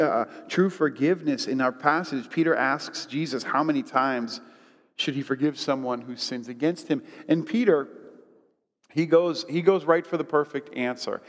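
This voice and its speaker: A man's voice: a little high, big-room sound. A man preaching as a pastor, telling stories and reading scripture with rising drama, often stumbling and repeating words. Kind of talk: sermon.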